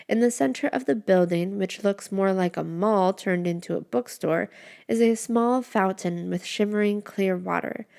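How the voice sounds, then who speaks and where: A woman's voice: mid-range voice, vocal fry. Woman narrating a fantasy story. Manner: expressive, descriptive. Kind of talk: first-person story narration.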